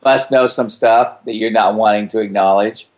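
Relaxed male radio co-host. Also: lowish voice, normal speed. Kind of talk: casual radio chat.

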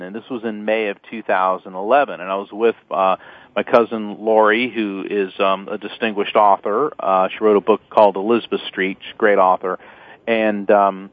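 A man's voice: fairly low pitch, dry recording. Earnest man's voice over a tinny line. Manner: earnest, anecdotal, with many fillers and restarts. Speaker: guest, attorney and author. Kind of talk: phone-in radio interview. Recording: tinny phone-line sound.

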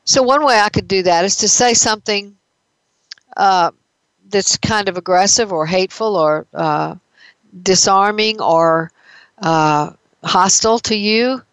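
A woman therapist talks through emotional patterns in a relaxed, conversational way and leans on everyday examples. Her voice sits at an ordinary middle pitch. The sound is dry and close, with no room echo. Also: unhurried, smooth. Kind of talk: explanatory talk on emotions.

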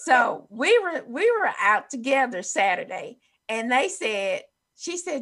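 A woman's voice: fairly high pitch, sing-song, measured pace, bright, forceful tone. A woman co-hosting a casual chat, telling an earnest story. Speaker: co-host.

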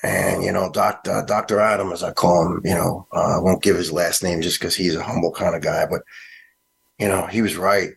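Gravelly, husky middle-aged man with a New York accent. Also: low-pitched, steady tone. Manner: halting, restarts often, earnest. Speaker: retired fire lieutenant, guest. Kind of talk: interview answer, personal account.

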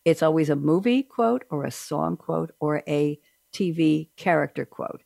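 A middle-aged woman hosting a talk show, chatty and playful, with lively asides. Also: sits low, unhurried, vocal fry, dry recording, studio quality. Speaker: host.

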